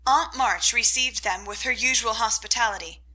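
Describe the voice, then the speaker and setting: A woman reading a classic novel aloud as audiobook narrator, in a clear storytelling manner. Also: on the high side, moderate pace, pushed and bright, rough recording. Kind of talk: scripted narration.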